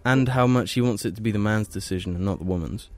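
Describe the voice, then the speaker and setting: A man's voice: fairly low pitch, fast talker, faint music behind. A man co-hosting a casual podcast, teasing and needling his friends. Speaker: podcast co-host.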